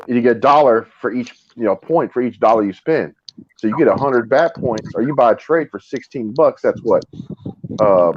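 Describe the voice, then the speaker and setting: A man's voice: mid-range voice, darkish tone. A man chatting casually and joking in slang with friends on a group call. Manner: laid-back, joking, slangy. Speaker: comic fan on a group call. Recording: dull lo-fi call audio, faint noise.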